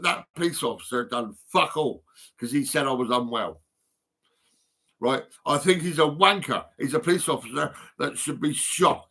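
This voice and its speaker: An older man holds forth in an angry, profane rant, piling up insults and tag questions. His voice sits a little high and comes out sharp and tense. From United Kingdom. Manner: bitter, swearing, repetitive with tag questions. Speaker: vlogger.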